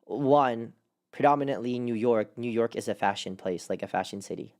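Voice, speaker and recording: A man co-hosting a casual podcast chat, talking in an animated, rambling way with lots of fillers. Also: mid-range voice, normal speed. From California. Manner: animated, rambling with many fillers and quoted put-on voices. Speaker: podcast co-host.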